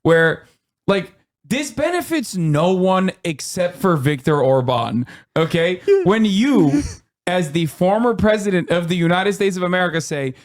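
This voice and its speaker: A man hosting a livestream, his voice sitting a bit high for a man. He jokes loosely, laughs easily and keeps chiming in with quick agreement. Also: lively intonation. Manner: joking, laughs often, eager agreeing. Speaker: livestream host. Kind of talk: casual livestream chat.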